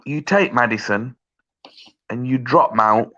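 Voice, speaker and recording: A man's voice: mid-range voice, unhurried, pushed and bright. Emphatic man on a lo-fi line. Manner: emphatic, repeats himself to make a point. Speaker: co-host. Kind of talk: casual live-stream chat.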